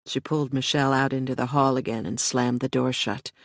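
A narrator reading an audiobook in a steady, measured way. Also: medium pitch, no room sound, studio quality.

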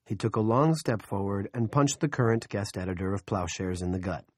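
A man reading an audiobook in steady, wry narration. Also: lowish voice, brisk, no room sound, clean studio sound. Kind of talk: scripted narration.

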